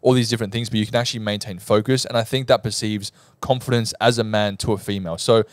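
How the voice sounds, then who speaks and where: A man's voice: on the low side, fairly even intonation, fast talker, no echo. A young Australian man co-hosting a casual podcast, explaining his points step by step and telling stories with animation. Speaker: podcast co-host.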